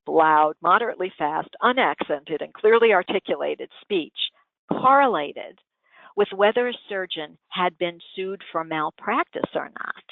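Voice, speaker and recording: A woman's voice: on the low side, no echo. A woman giving a lecture on communication, acting out vocal habits as examples. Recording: tinny phone-like dry sound.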